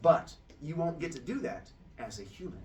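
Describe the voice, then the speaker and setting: A man voicing a proud, bossy female goddess who is quick to anger, in a commanding, exaggerated way. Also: fairly high pitch, sing-song, darkish tone, distant mic, slight background noise. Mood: solemn. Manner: commanding, exaggerated, breaks into shrieks.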